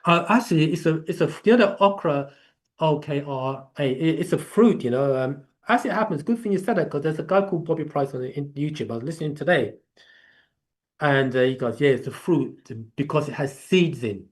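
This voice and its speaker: A man's voice: fairly high pitch, brisk. A man with an English accent hosting a live online class in a chatty, rambling way. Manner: chatty, rambling, laughs easily. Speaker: class host. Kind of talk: casual live class talk.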